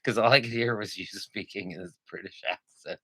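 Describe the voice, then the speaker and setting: A man's voice: lowish voice, steady tone, a little fast, gravelly, a bit bright, slightly rough, no room sound, clean studio sound. A man co-hosting a podcast, trading crude jokes with a lot of laughter and swearing. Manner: profane, laughs often, jokey impressions. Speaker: podcast co-host. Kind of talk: crude comedic banter.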